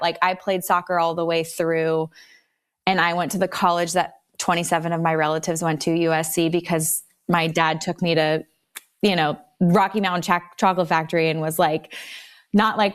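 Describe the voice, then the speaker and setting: A woman's voice: on the low side, fairly even intonation, moderate pace. Chatty woman podcast host thinking aloud. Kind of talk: casual podcast conversation.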